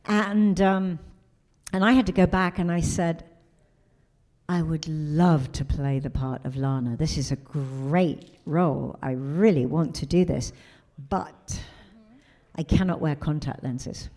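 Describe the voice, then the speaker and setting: A middle-aged woman speaking on a convention panel, with a slightly low voice. She tells her stories with energy, acting out what others said. Her talk is warm and chatty. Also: slow. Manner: animated storyteller who acts out quotes. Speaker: convention guest of honor.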